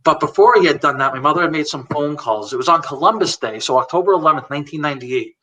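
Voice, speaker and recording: A man's voice: a little high, lively intonation, quick pace, bright, forceful tone. A man in his forties, a guest in a live chat, candidly telling a personal story and retelling conversations line by line. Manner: candid, retells conversations word for word, laughs now and then. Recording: voice a bit far from the mic.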